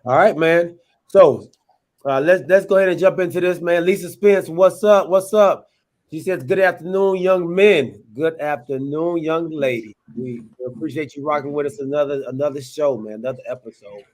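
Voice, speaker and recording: A man hosting a casual sports talk show, relaxed and conversational, reading out listener comments. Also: fairly high pitch, normal speed. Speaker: podcast host. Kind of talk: casual chat.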